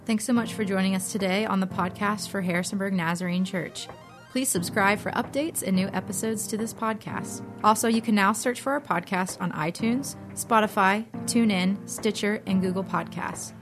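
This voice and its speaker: A woman's voice: mid-range voice, moderate pace. A woman reading a scripted podcast announcement in an upbeat manner. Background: music.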